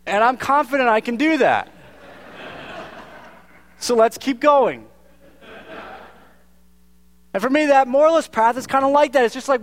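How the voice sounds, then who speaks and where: A pastor delivers a sermon in a fairly high male voice. He talks to his congregation in an earnest, conversational way and often restarts his phrases as he goes. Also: expressive, a little slow, pauses often.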